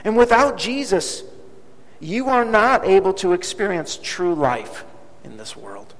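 Male preacher, high and animated, storytelling sermon, reverberant hall recording. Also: unhurried. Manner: dramatic, emphatic repetition.

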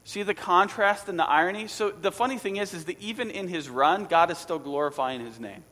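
A man preaching a sermon as pastor, animated and conversational, with asides to his listeners. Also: high voice, a little fast, in a large hall.

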